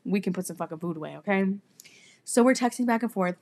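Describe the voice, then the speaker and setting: A woman's voice: mid-range voice, fast talker. Young woman telling a wild story. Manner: animated, swears freely, laughs often. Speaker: podcast co-host. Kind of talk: casual storytelling chat.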